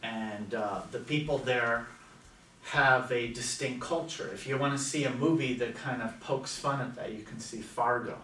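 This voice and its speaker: American male teacher lecturing a class, conversational and quizzing students; mid pitch, caught from across an echoey room. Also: normal speed, pushed and bright, far from the mic, a little hiss or hum. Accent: General American. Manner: chatty, asks students questions. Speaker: language teacher.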